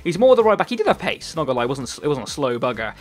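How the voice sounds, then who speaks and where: A man's voice: medium pitch, very animated, very fast. A man in his twenties with a Cornish accent, giving casual, chatty gameplay commentary and rambling with frequent ums and repeated words. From Cornwall, England. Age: 20s. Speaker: gaming YouTuber.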